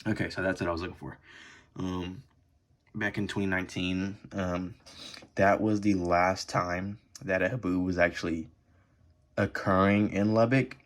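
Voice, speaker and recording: Deep-voiced man casually reading search results. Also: fairly even intonation, normal speed. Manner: loose, hesitant, many fillers. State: throat irritated, clears it often. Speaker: vlogger. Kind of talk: casual vlog while browsing the web. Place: indoors at a computer.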